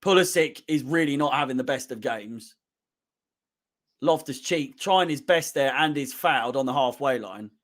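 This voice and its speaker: A man hosting a fan watch-along, calmly breaking down the match between bursts of shouting and swearing at the players. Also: mid-range voice, normal speed. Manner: swings from calm analysis to shouting and swearing at players. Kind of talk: excitable fan match commentary.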